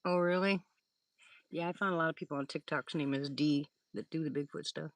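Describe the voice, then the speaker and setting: A low-pitched, steady, brisk voice with no echo belongs to an older woman hosting a live stream. She chats loosely with viewers, drifting through stories and laughing often.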